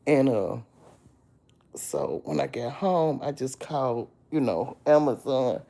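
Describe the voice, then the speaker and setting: A woman's voice: rumbling low, very animated, slow, mellow. A sick woman with a chest cold, lying in bed and chatting on a phone live stream, greeting viewers by name and calling them baby. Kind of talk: casual live-stream chat.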